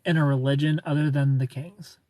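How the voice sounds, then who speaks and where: A man's voice: on the high side, steady tone, brisk, dark tone. A tired man chatting casually on a live stream, rambling, joking and greeting viewers by name.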